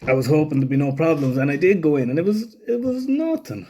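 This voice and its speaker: A man's voice: fairly high pitch, expressive, fast talker, mellow, slight background noise. A young man telling a story casually, rambling, swearing freely and acting out other people's lines. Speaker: vlogger.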